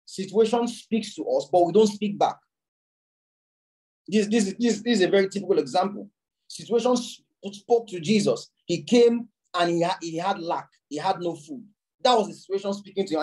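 A male pastor giving a teaching sermon. He repeats words as he explains and reads scripture aloud slowly, raising his voice. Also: a little mellow, poor audio. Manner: repeats words while explaining, with sudden jumps in pitch.

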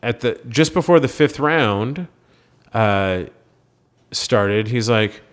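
A man's voice: mid-range voice, slow pace. A man from Minnesota co-hosting a podcast, telling stories in casual chat and acting out the dialogue. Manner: animated storyteller, acts out quoted dialogue. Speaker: podcast co-host.

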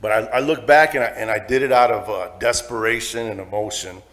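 A middle-aged man giving his testimony in church, halting and repeating words as he tells his story frankly. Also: on the low side, steady tone, fairly bright tone.

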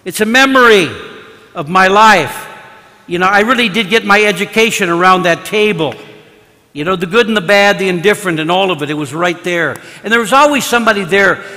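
An older man from Kansas City preaches in a high, bright voice, spinning homey stories as a priest leading a parish mission. He keeps it chatty and loose, sprinkling in "you know" between lines. His words hang in the long reverberation of a large church. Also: a little fast. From Kansas City, USA. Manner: conversational, folksy, peppers talk with "you know". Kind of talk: storytelling sermon.

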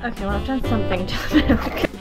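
A woman's voice: fairly high pitch, fast talker, poor audio. A woman vlogging in a casual, chatty way, laughing often while making coffee at home. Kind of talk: casual chat. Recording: music playing clearly behind.

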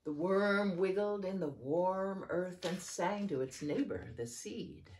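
A woman reading picture books aloud to children in a sing-song storytelling manner, jumping high for the characters' lines. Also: animated, slow pace, few pauses, darkish tone, slight background noise. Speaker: children's program facilitator.

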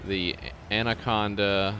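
Low-voiced man in rambling casual chat. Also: level tone, takes it slowly, bright, forceful tone, slight background noise. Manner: rambling, self-interrupting storyteller. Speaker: podcast co-host.

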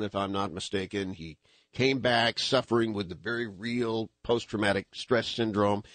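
Brief: male radio host, husky and dry-miked, animated, rambling commentary. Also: fairly low pitch, no echo. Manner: animated, rambling, frequent restarts and fillers. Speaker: radio talk show host. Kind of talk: conservative talk radio commentary. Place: radio studio.

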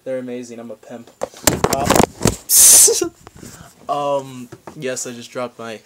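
A man's voice: mid-range voice, level tone, slow, heavy background noise. A young man vlogging a comedic rant to camera, rambling and goofy, with random outbursts.

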